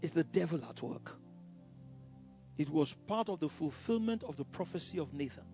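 A man's voice: fairly high pitch, lively intonation, moderate pace, mellow. A male pastor preaching a sermon, telling a story with many "you know" asides and stammered repeats. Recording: dull lo-fi sound with faint music.

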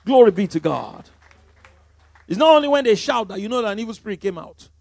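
A Nigerian man preaching a sermon as pastor, emphatic, swinging from loud declarations to quiet asides. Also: high-pitched, animated, fairly quick, gravelly, husky, dry recording.

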